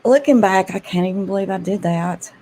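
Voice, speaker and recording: A woman's voice: medium pitch, a little fast, dark tone, a little hiss or hum, low-quality recording. A woman, a grandmother and channel host, chatting casually and laughing often as she tells stories to her viewers. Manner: chatty, laughs often, addresses listeners as y'all.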